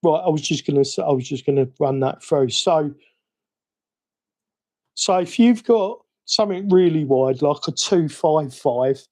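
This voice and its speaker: Cockney man, slightly high voice, mellow tone, easygoing live-stream chatter, self-mocking. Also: measured pace. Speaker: hobby livestream host. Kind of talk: casual live-stream chat while working.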